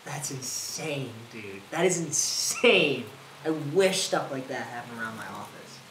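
An actor playing an ambitious young office worker who talks casually and grows defensive, in a naturalistic short film. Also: male voice, medium pitch, lively intonation, measured pace, a bit bright. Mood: teasing. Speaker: friend with an office job. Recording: echoey room with clear rain noise. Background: rain.

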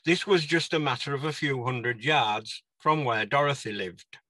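A man's voice: mid-range voice, moderate pace, sharp tone, no echo. An older man giving a conference talk on folk song collecting, now and then singing short verses in a put-on country dialect. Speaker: conference speaker. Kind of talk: presentation on folk song research.

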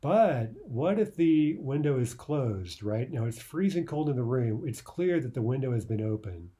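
A man explains a grammar lesson in an easy, conversational way, often checking in with the listener. His voice is very dark and mellow, at a middling pitch. He slows down and reads his example phrases with care. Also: big pitch swings. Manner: reads Russian examples slowly and carefully. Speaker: Russian language teacher.

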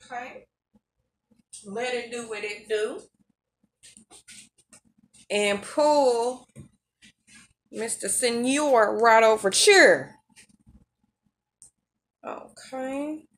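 A woman's voice: on the high side, very slow, pauses often. A woman hosting her own cooking channel, chatting casually as she cooks and drawling in a homey country voice.

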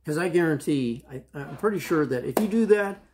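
A reluctant, grumbling prophet in a storybook retelling for kids, as a man acts him out in a fairly high, casual voice. He talks plainly and complains about the job he doesn't want. There is no put-on accent or gravel, just an everyday voice. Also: lively intonation, brisk, noisy background. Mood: grudging.

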